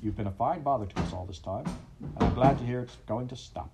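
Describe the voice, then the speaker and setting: A man's voice: medium pitch, brisk, heavy background noise, lightly acted. A man voicing a practical, hearty male water rat who speaks cheerfully.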